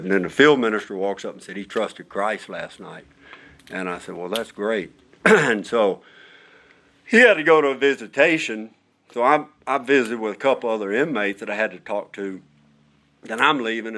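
A middle-aged man, a director of prison chaplains, telling a story in a folksy, conversational way and acting out the voices of the people he quotes. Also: on the low side. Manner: animated, acts out quoted voices. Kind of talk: storytelling testimony.

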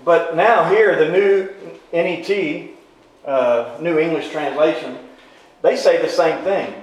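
A man's voice: on the high side, takes it slowly. A man teaching a Bible class, folksy and informal, quizzing his listeners with repeated questions. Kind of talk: interactive Bible class lecture. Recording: very echoey room.

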